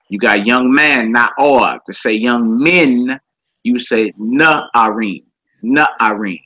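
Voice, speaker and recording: A man with a bright, forceful voice teaches a casual live online class. He talks in a relaxed, conversational way and says each vocabulary word slowly and more than once for his students. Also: medium pitch, poor audio. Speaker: Hebrew language teacher.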